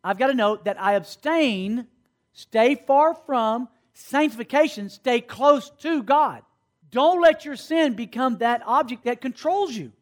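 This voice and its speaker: A man in his fifties, a camp speaker, giving an animated, conversational sermon to young people and often checking that they are following. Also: very high voice, unhurried. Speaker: camp speaker teaching students. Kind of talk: sermon-style teaching to a youth audience.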